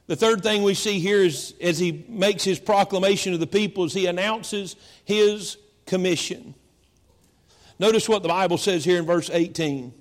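A man preaching a sermon as pastor, repeating phrases and slowing down for dramatic emphasis. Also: high-pitched, long reverb tail. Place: church.

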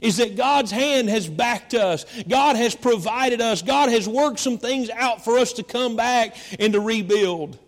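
A man preaching a sermon as pastor, repeating phrases and slowing down for dramatic emphasis. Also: very high-pitched, big-room sound. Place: church.

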